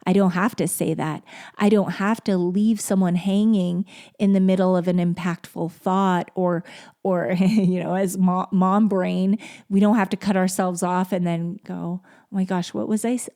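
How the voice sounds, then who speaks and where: A middle-aged woman hosting a solo podcast, talking in a gentle, heartfelt, reflective way. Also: medium pitch, unhurried. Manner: heartfelt, gentle, turns emotional and tearful. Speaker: podcast host.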